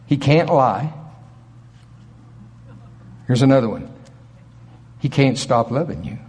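Husky-voiced man preaching animatedly. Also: slow. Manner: animated, acts out voices with sudden pitch jumps and laughs. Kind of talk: sermon.

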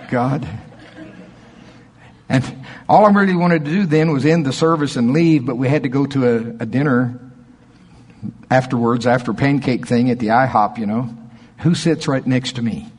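A man preaching a sermon, telling stories with lively, animated delivery. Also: medium pitch, normal speed, long pauses, slightly rough. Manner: storytelling, animated in anecdotes.

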